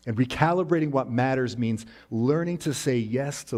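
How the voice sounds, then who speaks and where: A man preaching a sermon as a pastor, talking in a conversational way, rising into animated paraphrase and dropping soft and low on key lines. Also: fairly quick, few pauses. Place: church sanctuary.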